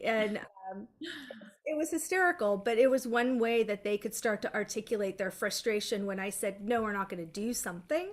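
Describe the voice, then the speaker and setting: A middle-aged woman therapist explaining steps in a measured way, often checking in with "right?". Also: on the high side. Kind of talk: therapy session talk.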